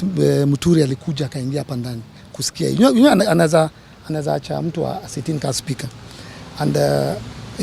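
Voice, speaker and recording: A man's voice: fairly high pitch, vocal fry, darkish tone, slight background noise. A man with a Kenyan accent giving impassioned remarks to reporters, emphatic and pleading, repeating his appeals. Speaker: public figure addressing reporters.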